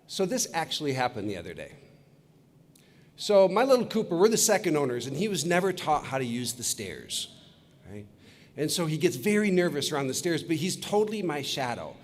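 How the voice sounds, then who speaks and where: Lively man giving a commencement speech. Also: on the high side. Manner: upbeat storytelling, leads crowd chants. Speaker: commencement speaker. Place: large arena with long reverb. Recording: long hall reverb.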